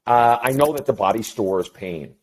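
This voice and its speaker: A middle-aged man, a counselor talking as an interview guest, telling a story in a blunt, profane and animated way. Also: medium pitch, moderate pace. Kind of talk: casual interview chat.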